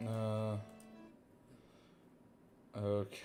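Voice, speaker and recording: A man's voice: on the low side, flat delivery, takes it slowly, long pauses, warm tone, soft background music. A young man reading fanfiction aloud for laughs, swearing and self-mocking as he comments on it. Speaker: reader reacting to fanfiction.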